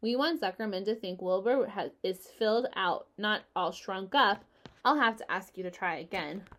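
A woman's voice: medium pitch, moderate pace, a bit bright, close to an everyday voice. A woman voicing a wise, patient female spider in a storybook read-aloud, speaking earnestly and politely.

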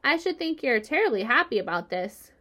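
A woman's voice: high voice, sing-song, fairly quick, sharp tone, exaggerated voice. A woman voicing a young, innocent male pig in a storybook reading, eager and wide-eyed.

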